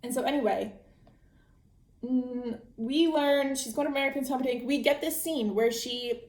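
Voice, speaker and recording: A woman's voice: sits high, moderate pace, a little mellow, echoey room. A woman podcast host recapping a book in a casual, chatty way, often restarting her sentences. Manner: chatty storytelling with frequent restarts and laughs.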